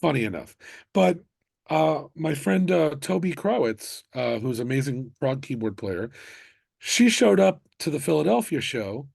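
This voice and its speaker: Musician guy from the states, gravelly and kinda husky, gets all fired up telling stories in a chatty interview. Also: on the high side, measured pace, no room sound. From United States (Miami). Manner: animated storytelling with bursts of excitement. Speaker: musician guest. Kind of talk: casual interview chat.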